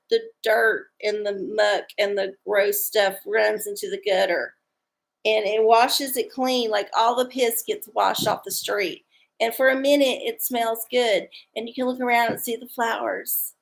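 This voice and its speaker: A woman's voice: a little high, gravelly. A woman hosting a tarot livestream, chatting casually with viewers in an irreverent, rambling way and joking crudely. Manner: irreverent, rambling, crude jokes, chuckles often. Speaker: tarot-reading livestream host.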